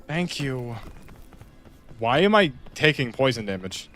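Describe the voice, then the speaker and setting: A man's voice: mid-range voice, big pitch swings, unhurried, fairly bright tone, soft background music. A man giving casual, joking gameplay commentary to a friend, making mock-dramatic complaints. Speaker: video game player.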